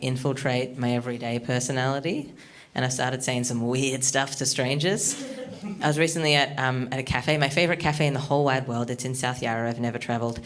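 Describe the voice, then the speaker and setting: Rambling awkward stand-up comic. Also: mid-range voice. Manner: rambling, awkward, self-deprecating with many ums. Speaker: stand-up comedian. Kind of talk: stand-up comedy set. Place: comedy studio stage.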